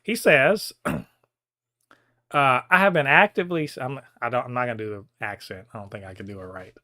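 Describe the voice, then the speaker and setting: A man on a podcast, ranting hard and swearing freely. His pitch leaps all over the place and his voice is sharp and bright. The sound is dry and close. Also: lively intonation, fast talker, no echo. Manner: heated, profane ranting. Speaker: podcast co-host. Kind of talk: casual podcast chat.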